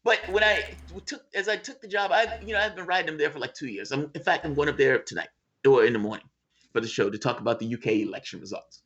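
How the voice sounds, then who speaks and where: Guest, slightly high voice, dull lo-fi call sound, emphatic, swears. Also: male voice, lively intonation, fast talker, fairly bright tone. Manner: emphatic, profane, argumentative. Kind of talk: casual political chat.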